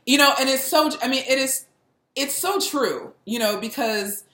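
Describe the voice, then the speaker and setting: A young adult woman hosting a casual political chat, animated and laughing, often mimicking people. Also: high-pitched, moderate pace. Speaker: podcast host. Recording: echoey room.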